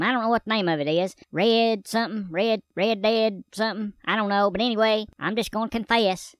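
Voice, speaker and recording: A woman's voice: mid-range voice, fairly bright tone, clean tone, dry recording, natural voice. A woman voicing a folksy, rambling rural man in a comedy monologue. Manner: rambling, homespun drawl.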